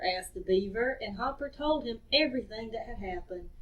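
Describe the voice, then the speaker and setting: A woman reading a story aloud to children in a cheerful, expressive way. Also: mid-range voice, moderate pace, hardly any pauses. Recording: distant dull lo-fi recording.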